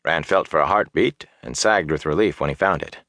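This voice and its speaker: A man's voice: a bass voice, a little fast, fairly bright tone, no room sound. Diepe, droge vertellersstem van een man. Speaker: audiobook narrator. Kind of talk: scripted fantasy narration.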